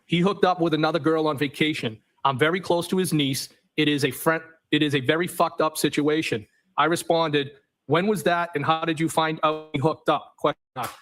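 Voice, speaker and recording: A man on the witness stand, reading text messages aloud in a matter-of-fact way and saying the punctuation marks out loud. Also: on the high side, low-quality recording. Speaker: trial witness.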